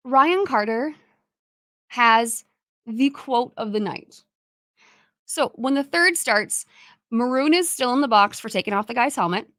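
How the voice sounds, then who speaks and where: A woman host recapping a hockey game in a chatty, animated way, full of fillers and asides. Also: sits high, no echo, clean studio sound. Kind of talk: casual solo game recap.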